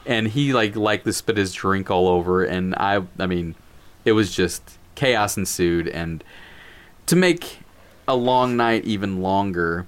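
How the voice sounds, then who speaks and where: A man's voice: low voice, measured pace, smooth. A man casually telling a funny story, acting out quotes and laughing as he talks. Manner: animated, acts out quotes, laughs while telling.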